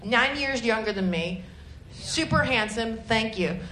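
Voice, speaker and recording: Woman stand-up comic, slightly high voice, sarcastic and rambling, echoey club mic with room noise. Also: expressive, unhurried, sharp tone. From Detroit area, Michigan. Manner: rambling, self-deprecating, sarcastic asides. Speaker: stand-up comedian. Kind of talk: stand-up comedy set. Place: comedy club stage.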